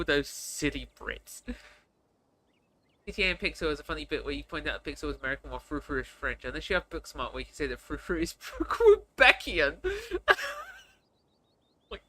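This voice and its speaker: A streamer reading a narrative game's text aloud and commenting on it in an animated, self-mocking way, laughing often. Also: mid-range voice. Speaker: streamer playing a narrative game.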